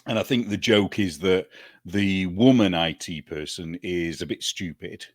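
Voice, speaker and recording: A man's voice: deep voice, unhurried, no room sound, clean studio sound. A British man chatting casually as a guest, laughing often and slipping into mimicked accents. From United Kingdom. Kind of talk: casual chat.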